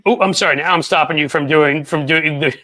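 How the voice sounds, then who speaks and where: A man hosting a podcast interview, chatty and enthusiastic, with quick asides to his viewers. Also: fairly high pitch, sharp tone. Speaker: podcast host.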